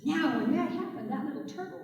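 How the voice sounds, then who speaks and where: A woman storyteller telling tales to schoolchildren, animated and speaking directly to the kids. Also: high voice, fairly quick, lo-fi sound. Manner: animated, addresses the children directly. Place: school hall or stage. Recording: echoey hall from far off.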